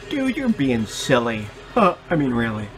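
A man's voice: mid-range voice, huge pitch swings, normal speed, a bit bright, soft background music, low-quality recording. A man who makes art and protests, talking casually and swearing when angry. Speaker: artist and protester. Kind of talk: casual banter and confrontational protest footage.

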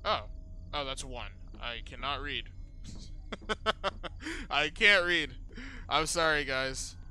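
A young man giving casual gameplay commentary, excitable and slangy, with loud yelps. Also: medium pitch, unhurried, soft background music. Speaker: gaming channel host.

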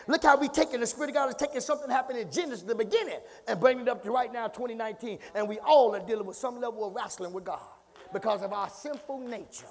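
High-voiced preacher with a gravelly edge. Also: male voice, expressive, a little fast. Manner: impassioned preaching, swings from low murmur to shouting; call-and-response, repeats phrases. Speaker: pastor. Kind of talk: sermon. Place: church sanctuary. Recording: reverberant church hall.

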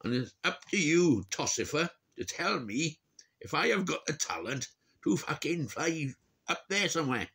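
A man's voice: on the high side, big pitch swings, normal speed, vocal fry, a bit bright, husky. A middle-aged man from Wales with a Welsh accent, ranting alone and swearing in exasperation, his voice jumping up in mocking bursts. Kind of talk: solo rant to camera.

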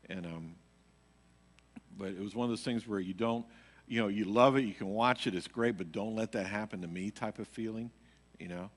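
A man's voice: lowish voice, moderate pace. A man, a worship leader, telling a rambling personal testimony to a church congregation, full of fillers like "you know". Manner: rambling storytelling, heavy on fillers. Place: church sanctuary. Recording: live church stream with long hall reverb.

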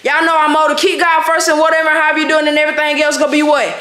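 A woman vlogger, out of breath, excitedly hyping her viewers in slangy talk. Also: sits high, rapid-fire, roomy sound. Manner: hyped, slangy, shouting to viewers. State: out of breath, sweating. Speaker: vlogger pulling a prank. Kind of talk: excited vlog outro.

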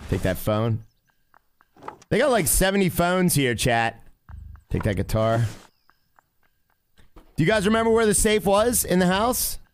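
A man giving live gameplay commentary as a streamer, excitable and constantly talking to his chat. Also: high voice, measured pace, pauses often, a little hiss or hum. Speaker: game streamer.

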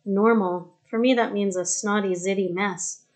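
A bold teenage girl, played by a woman reading aloud who talks bluntly and quickly. The pitch sits in the middle. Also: steady tone, natural voice. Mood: wry. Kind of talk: audiobook character reading.

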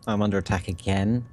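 A man's voice: fairly low pitch, a little mellow. A man playing a game with a friend, casually teasing and explaining game mechanics. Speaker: guest gamer. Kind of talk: casual gameplay chat.

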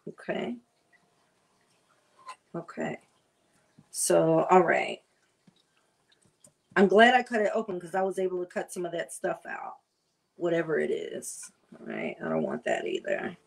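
Slow-talking chatty woman food vlogger. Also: on the low side, sing-song, vocal fry. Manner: chatty, drawn-out and savoring. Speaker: cooking vlogger. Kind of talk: casual chat while cooking.

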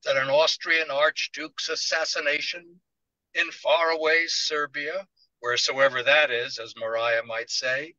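A man, an author, reading his novel aloud in measured first-person literary narration. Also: fairly high pitch, steady tone, bright, forceful tone, no room sound, dull audio.

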